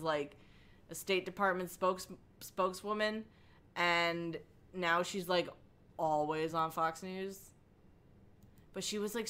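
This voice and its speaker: A young woman hosting a casual livestream from her couch at home, rambling and halting as she chats and answers her viewers. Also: lowish voice, fairly bright tone. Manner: rambling, halting, with frequent ums and likes. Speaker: livestream host. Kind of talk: casual chat reading chat messages. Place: home living room, on a couch.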